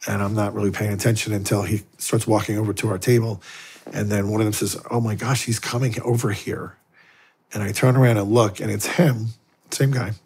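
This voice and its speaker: Husky-voiced priest telling vivid stories. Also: male voice, lowish voice, quick pace. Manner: animated anecdotes, acting out dialogue. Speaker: guest, Catholic priest and exorcist. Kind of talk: storytelling in a long-form interview.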